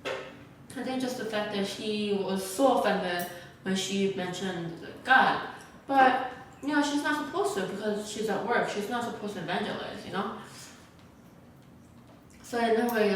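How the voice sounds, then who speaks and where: A woman's voice: medium pitch, far from the mic. A young woman vlogger telling a casual story while eating, rambling with lots of "like" and "you know" fillers. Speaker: mukbang vlogger. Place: large, sparsely furnished new apartment room. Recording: very echoey room, voice off-mic, faint hiss.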